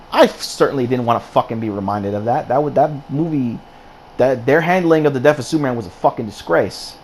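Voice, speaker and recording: A man's voice: mid-range voice, a little fast, a little mellow. A man delivers a casual, unscripted film review in a mid-range voice, venting and cursing as he goes. He doubles back on his words and restarts sentences. A faint background noise sits under the recording. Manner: profane, ranting, repeats and restarts words.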